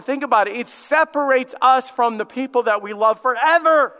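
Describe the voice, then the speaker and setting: A man's voice: very high-pitched, pushed and bright, smooth. Emphatic man preaching in a reverberant church. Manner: emphatic preaching with dramatic pauses and repetition. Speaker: lead pastor. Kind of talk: sermon. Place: church sanctuary.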